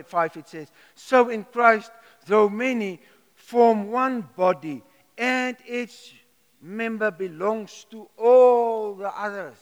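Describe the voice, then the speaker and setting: Emphatic preacher, high voice. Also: male voice, fairly bright tone. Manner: emphatic, repeats words, rhetorical questions. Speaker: pastor. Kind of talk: sermon. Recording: long hall reverb.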